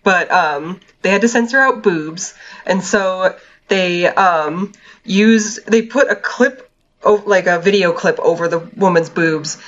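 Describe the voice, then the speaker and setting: A woman's voice: lowish voice, takes it slowly, a bit bright, highs cut off. A woman co-hosting a casual chat podcast, talking about games in a laid-back way, swearing and laughing easily. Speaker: podcast co-host.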